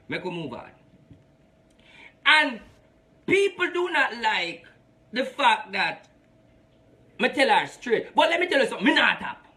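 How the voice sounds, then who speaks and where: A man's voice: extremely high pitch, pushed and bright. A man, a spiritual advisor hosting a live reading show, talking emphatically and preachily as he mixes patois with English.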